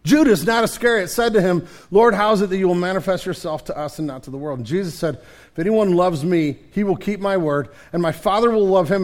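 Male pastor, high voice, animated sermon delivery with restarts and asides. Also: normal speed.

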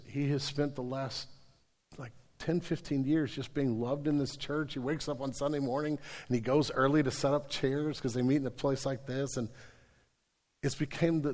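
A man preaching a sermon as pastor, animated, stammering into restarts and mimicking the people he describes. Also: medium pitch, big-room sound.

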